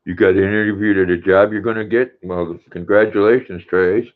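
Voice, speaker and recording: Older man, deep voice, tinny phone sound. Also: steady tone, normal speed, few pauses, slight background noise. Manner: folksy, warm with his dog, chatty. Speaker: livestream host. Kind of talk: reading viewer chat aloud on a livestream.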